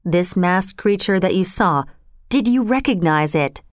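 A woman voicing a grave, resolute middle-aged male lawyer who speaks firmly and in measured tones. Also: on the low side, lively intonation, no room sound, studio quality. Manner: firm, measured.

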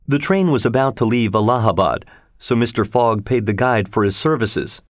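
A man's voice: mid-range voice, dry recording. Man narrating a story, dry and close. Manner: steady, measured storytelling. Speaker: audiobook narrator. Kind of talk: scripted narration of a classic adventure story.

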